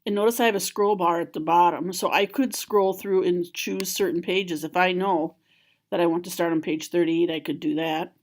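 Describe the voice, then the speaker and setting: This screen-recorded software walkthrough features a woman whose voice sits fairly low, speaking at a normal speed. Her explanations stay calm and plain, like a school library trainer guiding people through menus and clicks step by step.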